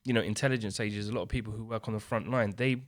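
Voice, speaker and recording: A man's voice: on the low side, steady tone, very fast, no echo, studio quality. A man, co-hosting a podcast, talking through ideas in a reflective way with many restarts. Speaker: podcast co-host. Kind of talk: casual discussion.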